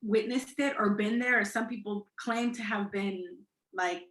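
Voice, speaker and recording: A woman chatting casually in a group, animated and sometimes searching for words. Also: medium pitch, measured pace, reverberant, poor audio. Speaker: guest in a group discussion. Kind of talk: casual chat.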